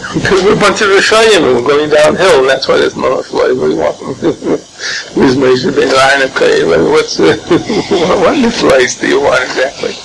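A man with a gravelly, somewhat high voice leads an informal Torah class. He talks in an animated way, tossing out rhetorical questions and chuckling as he goes. The recording carries clear background noise throughout. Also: unhurried. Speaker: Torah teacher. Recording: noisy background.

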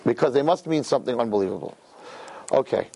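A man with a medium-pitched, creaky voice talks fast, recorded poorly with a bit of hiss or hum. He's leading a weekly religious lecture, animated as he tells stories, repeating words and speaking directly to his listeners.

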